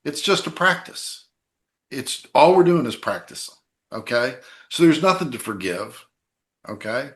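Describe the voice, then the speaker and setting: A man hosting a spiritual podcast, explaining ideas in a calm teaching way and checking in with "okay?" and "right?". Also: medium pitch, measured pace, reverberant. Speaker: podcast host and author.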